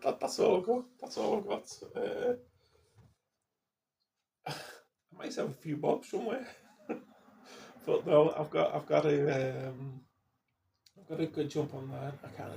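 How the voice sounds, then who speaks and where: A man's voice: a little high, measured pace, gravelly, long pauses, slight background noise. A man in his fifties, rambling casually, swearing and restarting his sentences. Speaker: vlogger.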